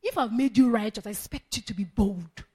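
A woman's voice: a little high, animated, a little fast, darkish tone, breathy edge. Emphatic woman preaching. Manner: emphatic, repeats phrases, laughs between points. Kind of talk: sermon.

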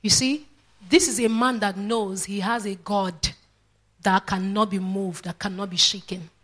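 A woman's voice: medium pitch, fairly even intonation, a little slow, fairly bright tone. A woman preacher, delivering a sermon with fervent praise exclamations and questions to the congregation.

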